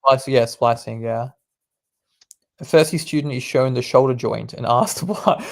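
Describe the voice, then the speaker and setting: A man's voice: mid-range voice, normal speed, vocal fry, darkish tone. A young man, a medical student, reading quiz questions aloud and explaining the answers in a laid-back, casual way. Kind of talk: casual quiz study session.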